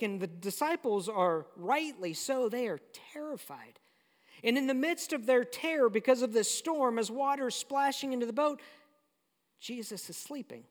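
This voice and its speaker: A pastor preaching a sermon in a conversational, storytelling way. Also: mid-range voice. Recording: long hall reverb.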